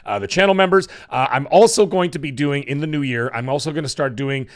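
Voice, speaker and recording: A man with a hoarse, cracking voice hosting a live stream, chatting casually and rambling with fillers as he thanks viewers. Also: a little high, fast. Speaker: livestream show host.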